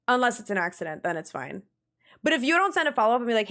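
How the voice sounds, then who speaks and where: In a casual live-stream chat, a young adult woman plays a game and talks with her audience in a mid-range voice. She's animated, laughs readily, and curses without hesitation.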